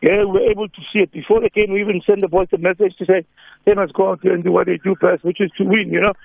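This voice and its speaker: A man's voice: high voice, flat delivery, very fast, creaky, no room sound. A man with a South African accent, a football coach on a phone interview, mixing English and isiZulu with easy laughter. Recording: tinny phone line.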